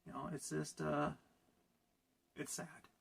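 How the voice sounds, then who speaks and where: Gravelly, husky man ranting sarcastically. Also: a little high, flat delivery, slow, a bit bright. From California. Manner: sarcastic, ranting, laughs at his own jokes. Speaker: vlogger. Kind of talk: casual opinion vlog.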